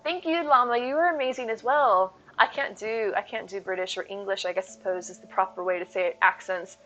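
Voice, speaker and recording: A woman's voice: medium pitch, brisk, fairly bright tone, lo-fi sound. A woman in her thirties streaming live, chatting in a rambling way, reading her chat aloud and thanking viewers.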